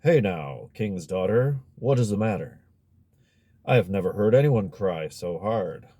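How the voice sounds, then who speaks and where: A man's voice: fairly low pitch, lively intonation, a little slow, mellow, no room sound. A man voicing a sly talking frog with a throaty voice in a fairy-tale audiobook. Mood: concerned.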